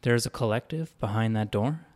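A man's voice: lowish voice, a little fast, a little mellow, lightly acted. A man doing a determined woman space traveler. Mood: questioning. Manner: pointed, pressing questions. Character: determined woman spacefarer, searching for her husband.

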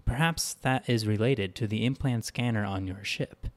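A man doing a calm synthetic man. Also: lowish voice, natural voice. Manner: measured, formal replies. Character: calm synthetic man, unmoved and matter-of-fact.

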